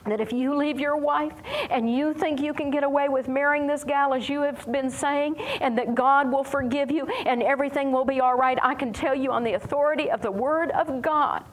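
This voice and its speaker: A woman's voice: high voice, fairly even intonation, moderate pace, a little hiss or hum, rough recording. A woman from the United States preaching a sermon as a Bible teacher, impassioned and emphatic, repeating phrases for force.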